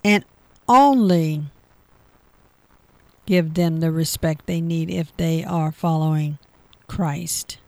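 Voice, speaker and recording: A woman's voice: sits low, slow, pauses often, no room sound. A woman giving a devotional talk, reading Bible verses aloud and then explaining them with repeated phrases. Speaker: Bible teacher.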